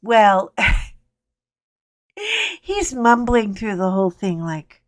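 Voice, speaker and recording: A middle-aged woman chats while she colors, telling a rambling story in an unhurried drawl. She is wry and a little salty, with mild cursing and "anyway" asides. Her voice sounds close and dry, with no room around it. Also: mid-range voice, dry recording. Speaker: coloring channel host.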